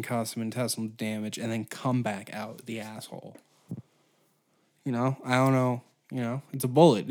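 A man's voice: medium pitch, a little mellow. Profane ranting man in his twenties. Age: 20s. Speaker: podcast host. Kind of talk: solo comedy podcast rant.

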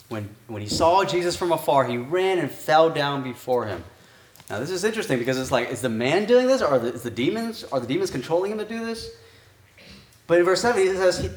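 A man preaching a conversational sermon as pastor. He thinks aloud and keeps asking his listeners rhetorical questions. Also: mid-range voice. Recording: echoey room.

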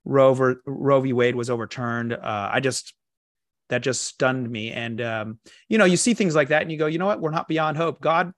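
A man's voice: mid-range voice, moderate pace, dry recording, studio quality. A man hosting an interview, casual and affirming, with hesitant fillers. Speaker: podcast host. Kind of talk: conversational interview.

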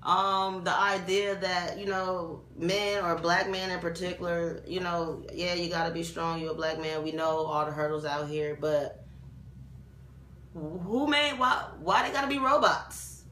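A woman co-hosts a relaxed podcast conversation with a bright, clear-edged voice. She speaks emphatically, rushing in quick bursts and slipping into acted-out voices to make her point. The room echoes audibly, with a faint hum of noise behind her. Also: on the low side. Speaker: podcast co-host. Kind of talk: casual podcast chat.

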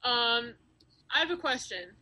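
A woman's voice: on the high side, expressive, a little slow, very noisy. A woman playing a tabletop game, hesitant and full of fillers as she asks about rules. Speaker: player.

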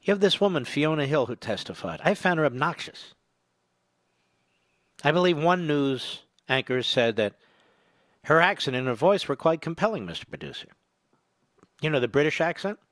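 A man's voice: on the high side, expressive, normal speed, long pauses, a bit bright, no echo. Combative older male talk radio host. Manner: combative, sarcastic, builds to emphatic peaks. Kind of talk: political talk radio monologue. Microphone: studio microphone.

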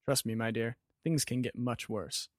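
A man voicing an excitable, fond wizard who gives urgent, rising warnings. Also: medium pitch, normal speed, no echo, clean studio sound, natural voice. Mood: earnest.

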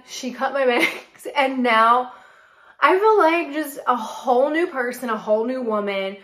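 A woman in her late twenties from North Carolina, hosting a podcast and telling a story in a chatty, animated way full of "like". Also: high-pitched, normal speed, roomy sound. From North Carolina, USA. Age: late 20s. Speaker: podcast host and model. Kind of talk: casual solo chat.

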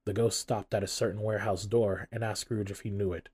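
A man narrating a classic novel aloud in an expressive, storytelling manner. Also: on the low side, brisk, husky. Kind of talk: audiobook narration.

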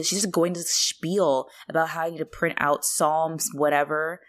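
Low-ish woman voice, chatty podcast co-host, swears a lot, tells stories animated. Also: normal speed. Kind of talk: casual rewatch podcast chat.

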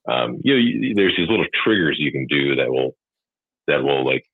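A man's voice: rumbling low, expressive, measured pace, dry recording. A man talking candidly about being a father, rambling and swearing freely. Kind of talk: casual chat. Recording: husky tinny phone-like line, dry.

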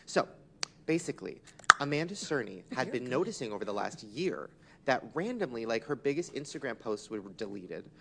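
Gossipy young man, gravelly lively voice. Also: mid-range voice, moderate pace, noisy background. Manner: gossipy, excitable, swears freely. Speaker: podcast host. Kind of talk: casual gossip chat.

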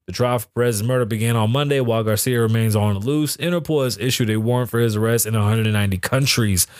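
A man's voice: mid-range voice, no echo, studio quality. A man hosting a podcast, chatting casually with lots of swearing and rambling asides, laughing at odd news stories. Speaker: podcast host. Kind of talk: casual profane commentary.

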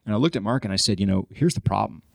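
Fast-talking gravelly man telling a story. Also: on the low side, no room sound, studio quality. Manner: animated storyteller, acts out his own frustration. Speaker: podcast guest. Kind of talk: storytelling in casual podcast chat.

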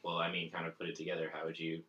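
A young man in casual chat, hesitant and halting when he explains things. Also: low voice, monotone, pushed and bright, muffled recording. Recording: distant mic with background noise.

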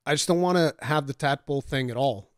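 A man's voice: medium pitch, quick pace, dry recording, clean studio sound. A man in casual gaming chat on a podcast, telling stories animatedly and swearing freely. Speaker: podcast co-host or guest.

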